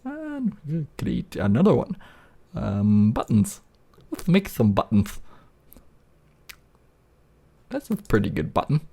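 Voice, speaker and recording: A man narrating his own screen-recorded tutorial, in a slow, unhurried way. His pitch swings widely as he rambles, chuckles and drops the odd swear word, with keyboard typing clicking in the background. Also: huge pitch swings, creaky, mellow, husky. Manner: rambling, laughs often, swears casually. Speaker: YouTuber.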